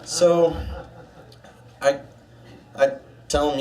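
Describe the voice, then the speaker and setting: Young man, stand-up comic, deadpan, dark humor, set a bit back from the mic. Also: moderate pace, far from the mic. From United States. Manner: deadpan, dark jokes, puts on a gruff low voice for the doctor. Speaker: stand-up comedian. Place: small bar stage.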